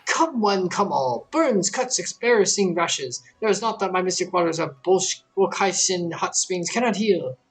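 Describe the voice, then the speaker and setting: A man voicing a showy barker hawking hot spring cures in a video game, with a loud sing-song sales pitch. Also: lively intonation, moderate pace, hardly any pauses, soft background music.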